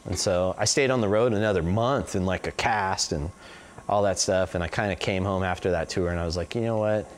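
A man's voice: low-pitched, fairly even intonation, a little fast, slight background noise. A man in his forties answering interview questions, telling long stories loosely and filling them with "like" and "you know.". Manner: rambling, peppered with "like" and "you know". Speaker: interview guest. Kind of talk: casual interview storytelling.

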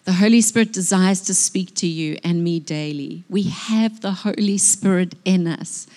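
A woman's voice: fairly low pitch, moderate pace, dark tone. Earnest woman sharing a church testimony. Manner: earnest, emotional, tearful at moments. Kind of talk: sermon testimony. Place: church hall before a congregation.

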